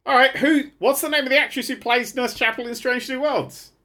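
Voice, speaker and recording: A man's voice: very high voice, fairly even intonation, brisk, pushed and bright. A man co-hosting a podcast in casual, sweary chat, laughing often. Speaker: podcast co-host.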